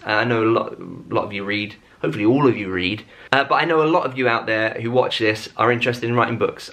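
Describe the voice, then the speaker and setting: Casting: male vlogger, thirties, bright forceful tone, chatty and self-deprecating. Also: medium pitch. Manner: rambling, self-mocking, chatty with many fillers. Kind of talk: casual chat to camera. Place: at home.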